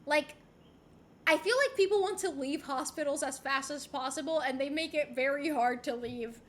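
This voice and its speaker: A woman's voice: high voice, moderate pace, fairly bright tone, a little hiss or hum. A young woman streamer chatting candidly with her chat from home, swearing freely and rambling with restarts. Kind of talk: casual chat.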